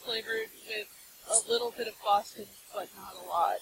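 A woman with a Minnesota Midwest accent, teasing loudly and laughing on a podcast. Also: very high voice, wildly swooping pitch, normal speed, vocal fry, noisy background. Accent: American Midwest, Minnesota. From Minnesota, USA. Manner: loud, teasing, laughing outbursts. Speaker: podcast co-host. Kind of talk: casual podcast chat.

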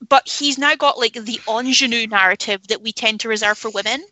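Bright-voiced, opinionated woman. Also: on the high side, brisk, poor audio. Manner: opinionated, candid, swears freely. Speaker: film podcast panelist. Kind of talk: casual chat.

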